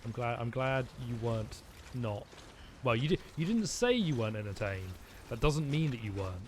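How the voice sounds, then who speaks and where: A man's voice: mid-range voice, expressive, normal speed, a little hiss or hum. A man streaming a video game, rambling and joking with his chat as he plays. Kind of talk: let's-play commentary.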